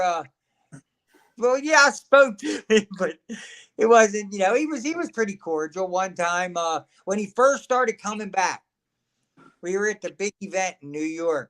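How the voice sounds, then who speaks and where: A man's voice: sits high, fairly bright tone. A man, a wrestling guest at a fan signing, telling casual, rambling anecdotes and laughing as he goes. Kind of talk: casual storytelling.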